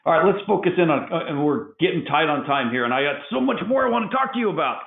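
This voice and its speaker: A man with a slightly higher voice hosts a webinar, asking questions with eager enthusiasm and often repeating words as he rephrases. His voice sounds thin and narrow like a phone call. There is a roomy echo behind his voice. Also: expressive, fast. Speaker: webinar host. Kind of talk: interview questions. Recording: tinny phone-like echoey audio.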